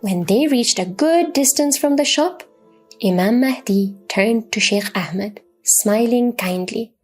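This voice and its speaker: A woman narrating a religious children's story in a slow, expressive, reverent manner. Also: on the high side, breathy edge, soft background music.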